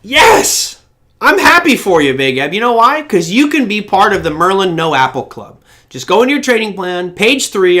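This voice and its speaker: A man hosting a live-stream market show, chatting casually with viewers and telling animated stories. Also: high voice. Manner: animated storyteller who breaks into impressions. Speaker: trading show host.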